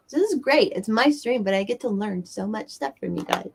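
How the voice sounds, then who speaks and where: A woman hosts a casual stream indoors near a bright window, her fairly high voice carrying some vocal fry at a moderate pace. There's a little hiss or hum as she reads viewer comments and rants with heavy profanity and nervous laughter.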